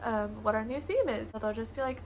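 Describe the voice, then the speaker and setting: A woman's voice: fairly high pitch, animated, brisk, a little hiss or hum, rough recording. A young woman who teaches preschool, casually telling classroom stories in a vlog, often laughing. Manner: chatty, laughs often, acts out kids' voices.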